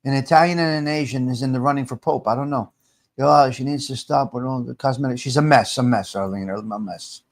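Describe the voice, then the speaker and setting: A man's voice: medium pitch, brisk. Rambling man chatting on a livestream. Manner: rambling, repeats himself, talks back to chat comments. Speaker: livestream host reading viewer comments. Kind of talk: casual livestream chat.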